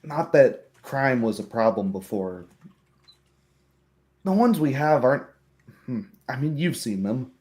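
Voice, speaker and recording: A man's voice: medium pitch, animated, measured pace, pauses often, a little mellow, voice pushed up, lightly acted. A man voicing an earnest, worried young townsman who speaks bluntly. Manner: blunt, frank talker.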